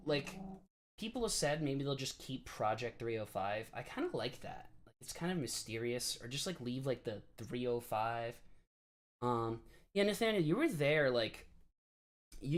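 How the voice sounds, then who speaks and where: A young man in his late twenties, originally from the New York area, hosts a casual live stream from his desk. His talk rambles and is packed with filler words and quick laughs, in an ordinary mid-range voice. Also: mid-range voice. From New York area, USA. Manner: chatty, filler-heavy, laughing often. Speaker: live streamer answering chat.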